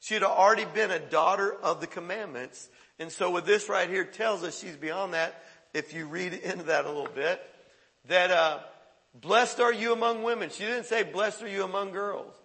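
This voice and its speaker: High, bright-voiced preacher in a reverberant hall. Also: male voice, moderate pace. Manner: lively preaching with bursts of excitement. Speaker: pastor. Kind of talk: sermon.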